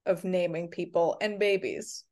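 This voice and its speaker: A woman's voice: on the low side, fairly even intonation, measured pace, a little mellow. A woman co-hosting a podcast, joking playfully and swearing casually as she recaps a TV episode. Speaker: podcast co-host.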